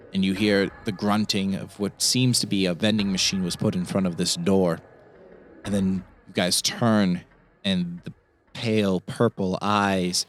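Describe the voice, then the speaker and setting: Slow, measured game master man. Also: lowish voice, no room sound. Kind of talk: narrating a tabletop game.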